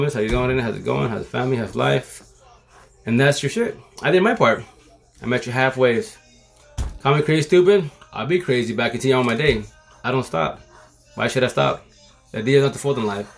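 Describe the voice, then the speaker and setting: A man in his forties talking on a live phone stream in a casual monologue, using street slang and repeating his mottos like a sermon. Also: medium pitch. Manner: streetwise slang, repetitive, preachy. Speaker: livestream host.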